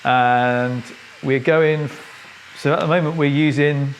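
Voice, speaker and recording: A man barber talking his client through a haircut, chatty and explanatory, in an everyday tone. His voice sits at a mid pitch. Behind him a hair dryer and shop noise come through clearly. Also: steady tone, unhurried, low-quality recording. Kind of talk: casual haircut demonstration. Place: barber studio.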